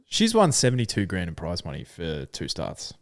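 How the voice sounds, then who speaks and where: Here is an Australian man in casual podcast chat. His voice sits a little low but swings up and down a lot as he thinks out loud. The sound is dry and close, with no room around it. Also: moderate pace, no echo. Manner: animated, thinking aloud with fillers. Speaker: podcast co-host.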